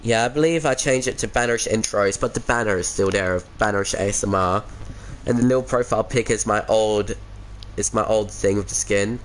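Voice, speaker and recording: Talking fairly quickly in a lowish voice, an Australian guy hangs out with viewers on his game stream through a headset mic with slight hiss or hum. His tone is relaxed and full of chuckles, and everyone gets called mate.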